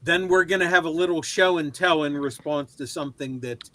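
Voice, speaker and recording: A man's voice: on the high side, fairly quick, pushed and bright. A man in a casual livestream chat giving short agreeing replies with fillers.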